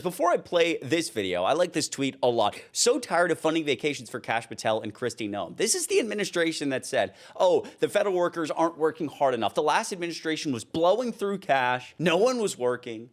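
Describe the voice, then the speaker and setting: Heated young man ranting politics. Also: on the high side. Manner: heated, ranting, often worked up. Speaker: political commentator. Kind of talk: casual political commentary.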